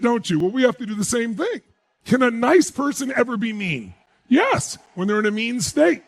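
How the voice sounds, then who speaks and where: A man delivering a motivational speech to a live crowd, his fairly high voice leaping up and down in pitch. He hammers his points home and keeps firing rhetorical questions at the listeners. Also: big pitch swings, moderate pace, creaky. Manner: emphatic, asks the audience rhetorical questions. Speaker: motivational speaker.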